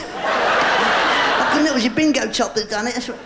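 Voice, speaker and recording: A male comedian doing live stand-up with an audience volunteer, teasing her with cheeky innuendo and squeaky, shrieking rises. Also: normal speed, creaky, a loud crowd. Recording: loud hiss on an old VHS tape recording.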